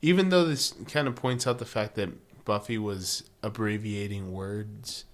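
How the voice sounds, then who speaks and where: A man co-hosting a podcast, recapping a TV episode in casual chat, laughing often and cracking jokes. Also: unhurried. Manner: laughing, wisecracking, jumps into high mock voices for quotes. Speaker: podcast co-host.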